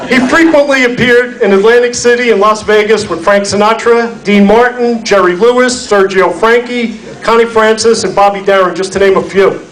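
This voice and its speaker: A man at a banquet reads a formal award introduction, listing credits in a steady way. His voice sits fairly high and sounds a little distant from the mic. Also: moderate pace. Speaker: award presenter. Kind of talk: reading a prepared introduction. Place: banquet hall. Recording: voice from off mic in a hall.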